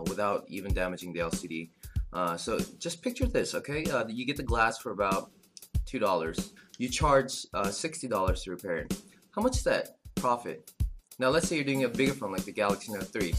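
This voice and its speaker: A man explaining phone screen repair as an instructor, talking casually with lots of "uh" fillers and restarts. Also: medium pitch. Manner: filler-heavy, frequent "uh" restarts. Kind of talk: casual tutorial talk.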